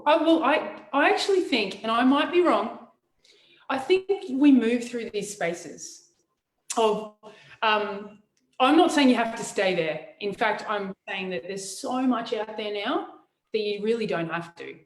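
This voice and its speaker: A fairly high-voiced woman shares her thoughts frankly, stopping and restarting as she goes. Her voice carries a roomy echo. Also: lively intonation. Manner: frank, halting, many restarts. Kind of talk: casual chat.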